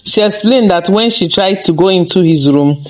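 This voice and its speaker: A man's voice: high-pitched, normal speed, rough recording. A man hosts a celebrity news channel. He recaps the story and then talks straight to his viewers in a chatty way. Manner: chatty, addresses viewers directly. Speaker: host of a celebrity gossip channel.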